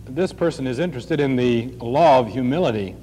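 A man reading out audience questions in a plain, measured way. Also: medium pitch, warm tone, big-room sound, low-quality recording. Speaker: question reader.

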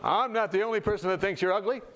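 A man's voice: high-pitched, fast talker, a bit bright. A man voicing a cruel, mocking possessed male patient who taunts people. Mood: taunting. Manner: taunting, sneering.

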